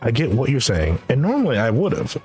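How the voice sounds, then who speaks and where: A young man streaming, telling a rambling, animated story in casual chat and laughing often. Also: medium pitch, fairly quick, breathy edge, soft background music. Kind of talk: casual chat while gaming.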